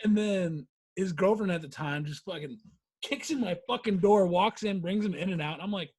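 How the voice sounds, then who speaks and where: A man in his twenties co-hosting a podcast, tipsy, casual and rowdy, swearing and laughing loudly. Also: high-pitched, moderate pace, breathy edge. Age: 20s. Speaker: podcast co-host. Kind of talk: casual chat.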